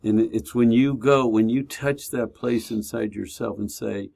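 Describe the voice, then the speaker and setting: A man co-hosting a radio program, talking in an earnest, reflective way and slowing down when he quotes others. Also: medium pitch, creaky, a little mellow. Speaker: radio show co-host. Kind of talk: reflective conversation.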